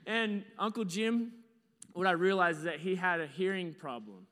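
A man with a slightly high voice delivers a storytelling sermon, swinging from hushed asides to acted-out shouts. His voice rings with the long reverb of a large church hall. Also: fairly quick. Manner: animated storyteller, acts out his own panicked shouts. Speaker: preacher.

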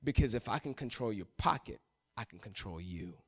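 A man preaching as a pastor, swinging between loud emphatic passages and hushed, quiet ones. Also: fairly low pitch, lively intonation, brisk, husky. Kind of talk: sermon.

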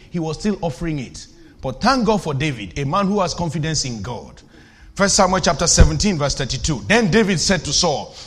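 A man preaches with a high, bright voice. His delivery is fervent and forceful, with questions thrown at the audience that build to shouted declarations. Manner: teasing, asks the audience questions. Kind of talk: sermon.

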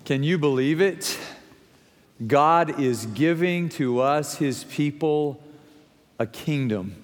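Slow-preaching pastor in a big reverberant hall. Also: male voice, on the high side. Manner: storytelling, slow and deliberate with emphatic rises. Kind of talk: sermon. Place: large church sanctuary. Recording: long reverb of a large sanctuary.

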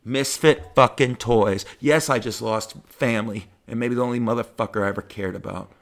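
A middle-aged man, a stand-up comedian, telling personal stories in a profane, heartfelt, animated way. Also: medium pitch, normal speed, vocal fry. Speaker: stand-up comedian, podcast host. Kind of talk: personal storytelling monologue.

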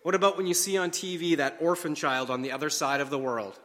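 A man's voice: on the high side, fairly even intonation, bright, forceful tone. Earnest male preacher in a reverberant hall. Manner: measured, earnest delivery with slow emphatic phrases. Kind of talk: sermon.

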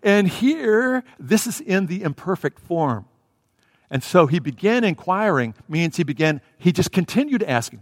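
Animated preacher in a reverberant hall. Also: male voice, sits high, a little slow, studio quality. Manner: animated, acting out the story, swinging between loud and soft. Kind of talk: sermon.

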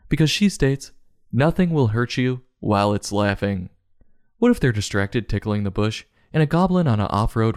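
A man's voice: fairly low pitch, darkish tone, no room sound, clean studio sound. A man giving a comedic book review in a sarcastic, mocking tone.

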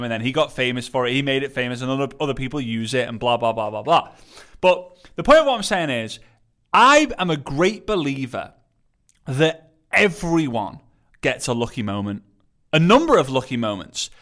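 This solo motivational podcast host is a man from England with an English accent, a mid-range voice and a slight lisp. He delivers with energy and emphasis, circling back to key phrases, though he hasn't fully recovered from a recent illness.

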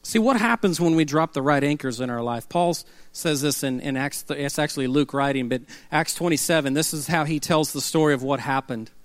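High-voiced preacher, dry sound. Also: male voice, fairly quick, hardly any pauses, no echo. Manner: conversational, humorous storytelling with call-and-response. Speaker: pastor. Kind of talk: sermon.

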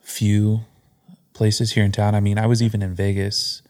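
A man's voice: on the low side, level tone, normal speed, a little mellow. A man chatting casually as a guest on a podcast, telling stories about coffee and cocktails.

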